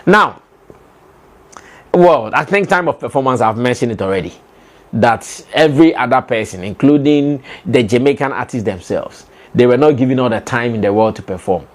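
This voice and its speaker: A man's voice: mid-range voice, expressive, normal speed. A young Ghanaian man with a Ghanaian accent giving emphatic entertainment commentary, full of rhetorical questions and fillers. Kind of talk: animated opinion commentary.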